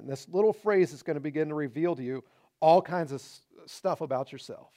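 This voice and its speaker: A man with a notably high-pitched voice delivers a sermon as pastor. He exhorts his listeners earnestly, driving his points home with short, repeated declarations. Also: fairly quick, dark tone.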